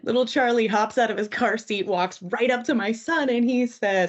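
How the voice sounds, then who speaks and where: A woman's voice: a little high, moderate pace, lo-fi sound. A woman co-hosting a podcast, telling a personal story earnestly and often asking "right?". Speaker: podcast co-host. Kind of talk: reflective podcast conversation.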